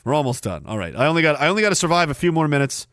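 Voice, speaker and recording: A man's voice: on the high side, very animated, fast, fairly bright tone, no echo, clean studio sound. A man from Canada hosting a livestream podcast, ranting in a sarcastic, scornful way. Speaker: podcast host.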